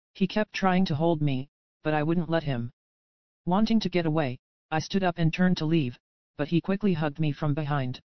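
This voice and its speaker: An audiobook narrator reading a first-person romance story with steady, emotional storytelling. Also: mid-range voice, clean tone, no echo. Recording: dull lo-fi audio.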